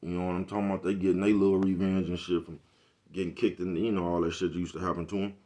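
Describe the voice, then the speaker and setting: Deep-voiced, fast-talking man ranting casually. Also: flat delivery, mellow. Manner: repeats "you know what I'm talking about"; laid-back, profane street talk. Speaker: vlogger. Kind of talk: casual monologue to camera.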